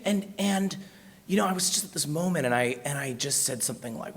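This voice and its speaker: Speaking fast in a high, gravelly, fairly bright voice, an American man gives a university talk as a guest speaker. He's chatty and pokes fun at himself, tripping into fillers and restarts as he tells his stories.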